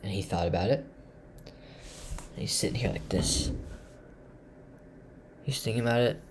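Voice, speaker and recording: A man from Tennessee excitedly walking through his chess game, thinking aloud and swinging between loud bursts and hushed asides. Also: fairly low pitch, normal speed, slight background noise. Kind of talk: excited game recap to camera.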